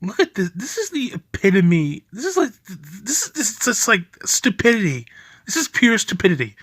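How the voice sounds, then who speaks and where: A man's voice: sits high, very animated, moderate pace, a bit bright, slightly rough, no echo, clean studio sound. A young man giving angry reaction commentary on a video, ranting profanely and laughing bitterly as he talks.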